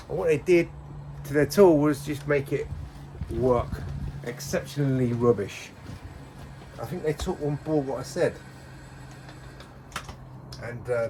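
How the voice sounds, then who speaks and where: Working outdoors on a street job, a window cleaner rambles chattily to the camera in a medium-pitched voice, telling stories in a casual on-the-job rant. The audio is poor, with slight background noise.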